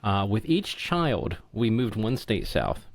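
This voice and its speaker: A man's voice: lowish voice, very animated, takes it slowly. A middle-aged man from central Ohio with an Ohio accent, telling stories in a casual podcast chat and often stumbling over his first words. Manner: storytelling, repeats words when starting. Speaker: guest.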